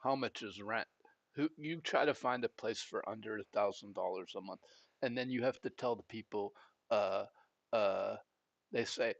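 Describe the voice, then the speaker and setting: A man's voice: on the low side, normal speed, gravelly, no room sound. A man chatting casually while playing a video game, rambling and frank and audibly out of breath. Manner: rambling and frank, with frequent fillers and restarts. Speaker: gaming channel host.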